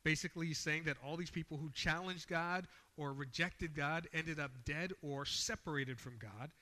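A man's voice: a little high, moderate pace, sharp tone, long reverb tail. A man preaching a sermon, reading scripture aloud with rising emphasis and explaining it in a plain, conversational way.

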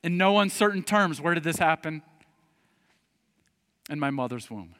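A man's voice: on the high side, lively intonation, normal speed. Emphatic preacher man in an echoing hall. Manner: emphatic, swinging between loud rising appeals and quiet earnest asides. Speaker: pastor. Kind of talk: sermon. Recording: long hall reverb.

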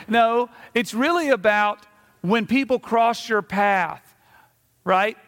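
A middle-aged man, a pastor, preaching a sermon and telling a story with animated, acted-out asides. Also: sits high, slow pace. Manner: animated storytelling, acting out scenes. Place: church sanctuary. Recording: reverberant church sanctuary.

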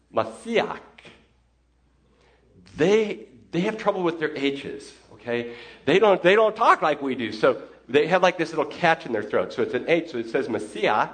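A man, a pastor, teaching a congregation in a conversational sermon, often putting questions to his listeners. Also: medium pitch. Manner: conversational, asks the audience questions.

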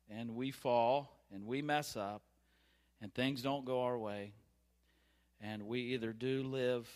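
Man, 30s, preacher, chatty storytelling sermon, long hall reverb. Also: fairly low pitch. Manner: conversational and candid, with restarts and asides. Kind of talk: informal sermon with personal stories. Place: church platform.

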